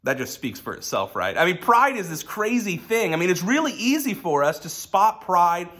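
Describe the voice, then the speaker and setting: Man, pastor, casual sermon, storytelling, bright voice, slightly high. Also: big pitch swings, normal speed. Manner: casual storytelling with personal anecdotes. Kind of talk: conversational sermon.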